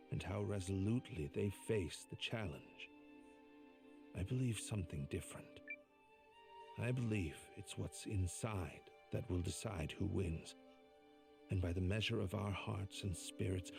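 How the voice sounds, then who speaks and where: An actor playing a modest male army tactician in a game, speaking in an earnest, measured way. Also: deep voice, creaky. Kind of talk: game voice acting. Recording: game audio with faint music.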